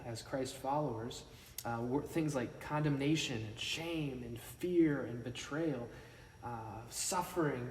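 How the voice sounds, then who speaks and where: A man giving a sermon as pastor, talking conversationally with restarts and sometimes dropping to a hushed whisper for emphasis. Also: medium pitch. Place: church worship space. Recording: roomy long reverb, mic at a distance, faint ambience.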